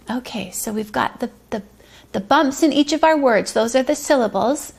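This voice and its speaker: A woman teaching a pre-kindergarten circle lesson, speaking slowly and drawing out words in a sing-song way for small children. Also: a little high, expressive, gravelly. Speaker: preschool teacher.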